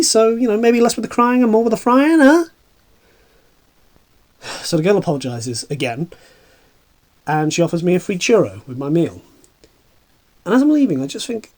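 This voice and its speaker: A man voicing a bitter, washed-up horse celebrity in a dark cartoon comedy, sardonic and rambling, tripping over stammered asides. His voice sits a little high for a man and swings widely in pitch. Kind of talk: comedic dramatic monologue.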